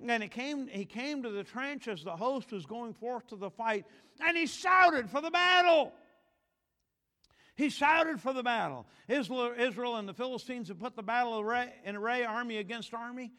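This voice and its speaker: A man preaching a sermon in a church, swinging from quiet asides to shouted excitement and acting out Bible figures in voices. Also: very high voice, a little fast, hardly any pauses, big-room sound. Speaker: pastor.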